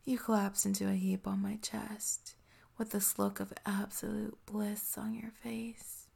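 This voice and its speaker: Breathy woman in whispered role-play. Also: mid-range voice, flat delivery. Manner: soft, slow, intimate whisper. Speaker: narrator.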